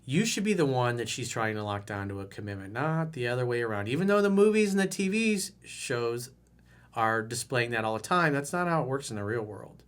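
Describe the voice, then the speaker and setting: A middle-aged man coaching dating in a video advice monologue, blunt and animated, now and then mimicking loud, high-pitched outbursts. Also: a little fast, clean tone.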